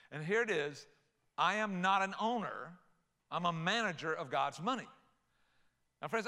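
An older man preaching a sermon, folksy and animated, telling playful stories. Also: on the high side. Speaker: pastor.

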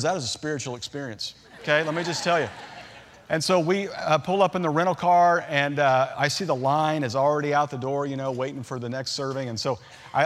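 Middle-aged male pastor, fairly high voice, chatty storytelling sermon with jokes. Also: fairly bright tone. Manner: storytelling, conversational, humorous asides.

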